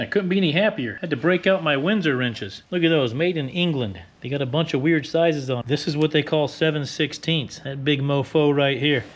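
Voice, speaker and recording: Wisecracking older man tinkering with a bike. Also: a little high. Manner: wisecracking, blunt, explains as he works. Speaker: motorcycle restorer. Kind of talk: casual how-to narration while working.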